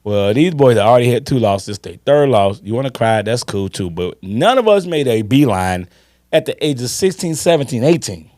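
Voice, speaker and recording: A man in his fifties holds forth on a sports podcast. His talk swings widely up and down in pitch, emphatic and salty, with stories that wind on. The sound is dry and close. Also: sing-song, darkish tone, no room sound. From Chicago. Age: 50s. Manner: emphatic, swearing, drawn-out storytelling. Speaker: podcast co-host. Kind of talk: casual sports chat.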